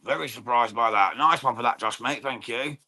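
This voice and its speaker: A man's voice: medium pitch, a little fast, sharp tone. An English man hosting a live boxing watchalong, chatting casually with viewers, calling mate often, swearing freely and commenting on the fight. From England. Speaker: watchalong stream host.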